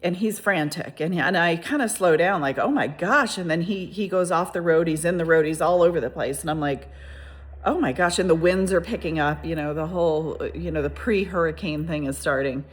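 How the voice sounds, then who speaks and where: A low-voiced woman speaks a little fast and hardly pauses as she shares a personal story on her vlog. Her casual telling wanders through restarts and asides, lively and full of exclamations.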